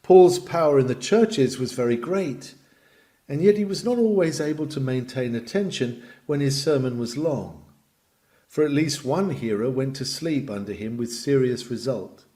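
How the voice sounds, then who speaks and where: A man reading aloud a Victorian lecture on preaching, with expressive emphasis that swells and drops. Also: mid-range voice, normal speed. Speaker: reader.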